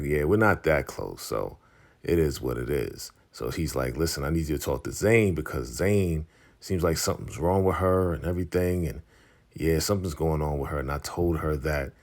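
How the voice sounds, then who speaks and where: A man with a low, deep voice talks through a TV episode recap. He tells it conversationally, with slang, and voices each character's lines in quotes as he goes. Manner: retells scenes in quoted dialogue, laughing often. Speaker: recap vlogger.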